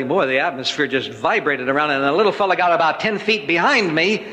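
An older man giving a testimony from the pulpit, telling his story in a lively, dramatic way. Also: fairly high pitch, moderate pace. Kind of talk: sermon storytelling. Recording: long hall reverb, faint noise.

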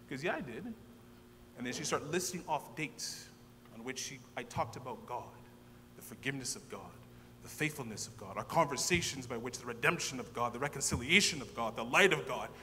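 A man, a minister, telling his personal testimony to a gathering, acting out the dialogue with lively energy. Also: medium pitch, a little fast. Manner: animated storyteller who acts out dialogue. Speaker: ordained minister sharing testimony. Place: large hall at a church gathering. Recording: long hall reverb with faint hum.

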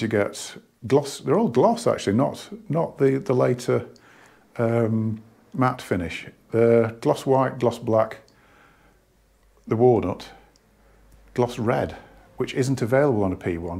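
A man's voice: medium pitch, vocal fry, mellow, slightly rough. A man who runs a hi-fi shop, talking casually to camera about turntables, rambling and restarting often, out of breath. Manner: rambling, hesitant, many restarts. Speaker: hi-fi shop owner. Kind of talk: casual product talk to camera.

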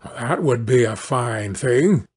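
A gullible miller who marvels at everything, as a man puts him on. Low, drawn-out and husky in tone. Storybook audiobook voice work. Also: animated, darkish tone. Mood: amazed. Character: gullible, greedy male miller, easily amazed.

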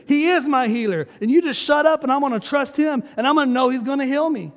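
A man with a high voice preaches in a church sanctuary, his words ringing out with a long reverb. He is emphatic and calls on the congregation to repeat after him. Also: fast talker. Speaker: pastor. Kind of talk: sermon.

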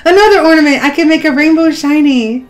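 A woman's voice: high voice, quick pace. A middle-aged woman hosting a gaming vlog, narrating as she plays, often gasping and squealing with delight. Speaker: gaming channel host. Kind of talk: excited gameplay vlog narration.

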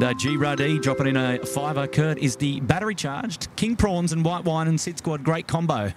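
Chatting casually on a night-time live stream from a waterfront jetty, a relaxed Australian man welcomes each viewer in turn, often using fillers and restarting his sentences. He has a gravelly, mid-range voice, and a faint outdoor noise can be heard behind him.

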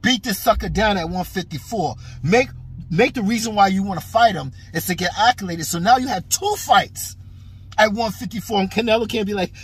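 A man in a heated, frustrated, profane rant about boxing, emphatic and forceful. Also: high voice, fairly quick, slight background noise. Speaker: boxing commentator.

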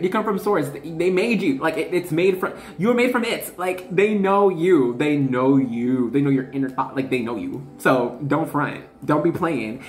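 Young woman, tarot reader, lively swooping pitch, laughs a lot, slangy, echoey room. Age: 20s. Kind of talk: casual tarot reading chat.

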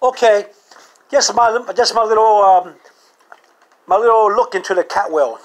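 A man vlogging a comic monologue to camera, animated and full of rhetorical questions. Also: high-pitched, unhurried.

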